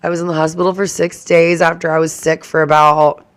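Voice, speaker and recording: A woman's voice: low-pitched, level tone, brisk. A woman hosting her own reaction channel, chatting casually to the camera in a rambling way that keeps drifting into tangents.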